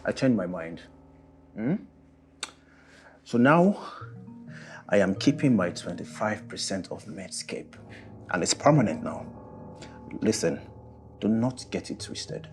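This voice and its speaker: An actor with a Nigerian accent playing a cruel, taunting extortionist in a film drama. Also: male voice, lowish voice, animated, a little mellow, soft background music. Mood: gloating. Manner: menacing, taunting, slow and gloating. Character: gloating male extortionist, cruel and mocking. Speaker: film character.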